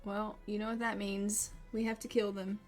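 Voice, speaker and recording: A woman's voice: medium pitch, flat delivery, normal speed, soft background music. A woman hosting a gaming video, chatting casually over her play and voicing her characters' reactions. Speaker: gaming channel host. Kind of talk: casual let's-play commentary.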